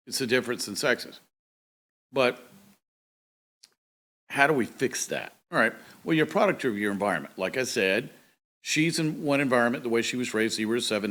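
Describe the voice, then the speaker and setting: A man's voice: mid-range voice, fairly bright tone. A man, a pastor hosting his own show, chats in a folksy, casual way. He often slips into short acted-out quotes to make his point. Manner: chatty, folksy, acts out quotes. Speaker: pastor and talk show host. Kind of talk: casual monologue.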